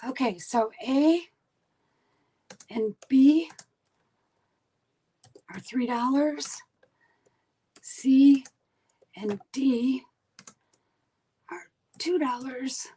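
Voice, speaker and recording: Slow, husky woman hosting a live sale. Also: high voice, mellow, rough recording. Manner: chatty, counting items and names aloud. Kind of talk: casual live-stream selling.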